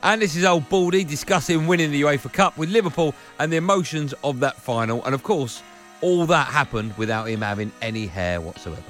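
A man presenting radio show highlights, linking clips with dry, teasing humour. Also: animated, brisk, fairly bright tone, soft background music. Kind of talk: scripted links with joking asides.

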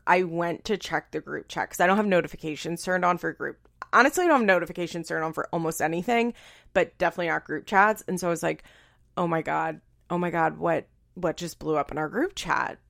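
A young woman podcast host telling a personal story in a chatty, animated way, full of "like". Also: lowish voice, creaky. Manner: chatty, fillers of "like", animated retelling. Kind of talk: casual storytelling monologue.

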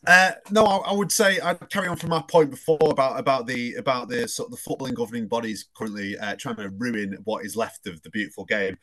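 A man's voice: mid-range voice, fairly even intonation, fast, few pauses, bright, forceful tone. A man on a podcast panel, ranting with exasperation and many stumbling restarts. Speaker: panel guest. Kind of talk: casual podcast panel chat.

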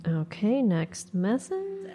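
A woman hosting a podcast, unhurried and casual as she moves on to the next message. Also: medium pitch, big pitch swings, heavy background noise. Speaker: podcast host. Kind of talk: casual chat.

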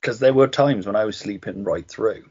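A man's voice: fairly low pitch, normal speed, a little mellow, slightly rough, highs cut off. A man co-hosting a podcast over a video call, chatting candidly, swearing and laughing through his stories. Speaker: podcast co-host.

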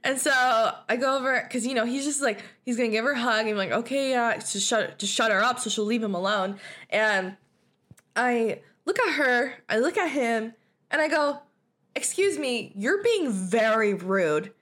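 A woman's voice: on the high side, normal speed, fairly bright tone. A young woman hosting a podcast, telling a personal story in a blunt, profane, casual way and laughing often. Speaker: podcast host.

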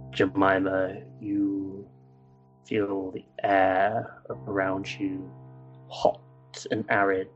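A man narrating as game master, hesitant with fillers in between, slow and measured when he sets a scene, on a lo-fi recording. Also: low-pitched.

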